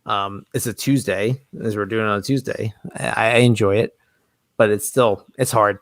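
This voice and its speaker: A man's voice: fairly low pitch, steady tone, normal speed, dry recording. A man and small business owner in casual podcast chat, rambling with many restarts and self-corrections.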